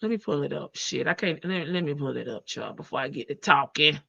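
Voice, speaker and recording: A woman's voice: sits low, animated, a little fast, gravelly, pushed and bright, slightly rough, muffled recording. A woman hosting a casual livestream, chatty and sassy, laughing often and calling her viewers baby. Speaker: livestream host.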